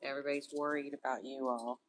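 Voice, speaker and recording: A woman's voice: very deep voice, fast. A woman talking casually to a litter of puppies and soothing them, with puppies scuffling behind her. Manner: soothing, coaxing puppies to calm down. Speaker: puppy breeder filming her litter. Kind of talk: casual talk to puppies and viewers. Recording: noisy room with puppy sounds. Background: puppies yapping and scuffling.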